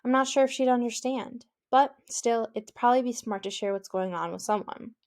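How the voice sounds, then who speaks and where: A woman's voice: a little high, fairly quick, a little mellow. A woman reading an audiobook in first person, with a conversational, youthful, inward manner. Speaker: audiobook narrator. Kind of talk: first-person scripted narration.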